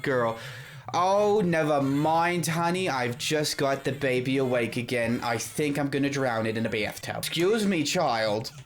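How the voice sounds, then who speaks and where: A man voicing a frazzled, sarcastic single mother in a comedic game playthrough, melodramatic and swinging between mutters and shrieks. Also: fairly high pitch. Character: frazzled sassy single mother, tired, boozy, camp. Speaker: gaming video host. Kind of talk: comedic let's-play role-play.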